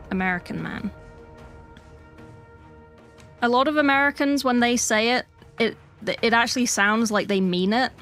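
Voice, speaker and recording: A British woman livestreaming as she paints miniatures, chatting casually and reading chat messages with sweary, deadpan joking asides. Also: a little high.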